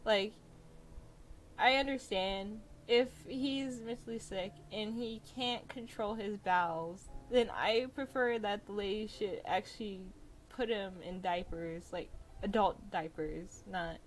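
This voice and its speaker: A woman's voice: medium pitch, unhurried, slight background noise, rough recording. A young woman casually telling stories on a drawing stream, chatty and laughing often as she goes. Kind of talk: casual storytelling while drawing. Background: soft jazz music.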